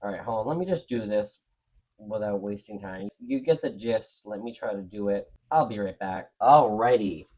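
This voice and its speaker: A man's voice: fairly low pitch, moderate pace, darkish tone. A man hosting a crafting video, talking viewers through each step in a chatty, frank way. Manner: chatty, frank, talks to viewers while working. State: out of breath. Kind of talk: casual step-by-step craft demo.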